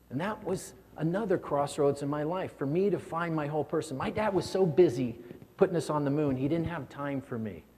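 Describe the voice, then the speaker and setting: With a slightly high, darkish voice, a man gives a motivational keynote under long hall reverb. Earnest throughout, he repeats words when he gets stirred up.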